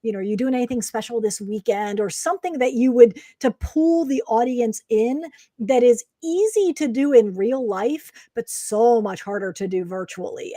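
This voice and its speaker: Woman host, slightly high voice, chatty and loose, dry sound with no room. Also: mellow, no echo. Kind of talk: hosting an online event interview.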